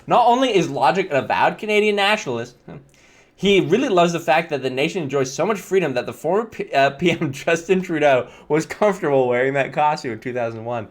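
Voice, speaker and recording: A man's voice: on the high side, expressive, brisk. A young man streaming live, reading viewer slides aloud and reacting with wry, bemused asides and chuckles. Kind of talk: casual live-stream commentary.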